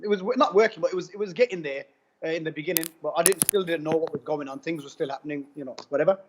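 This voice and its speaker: A man giving a testimonial interview, telling his story in an animated, casual way full of slang and repetition. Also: on the high side, rapid-fire, a little hiss or hum. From United Kingdom. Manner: animated, repeats himself, slangy with "bro" and "man". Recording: dull lo-fi sound.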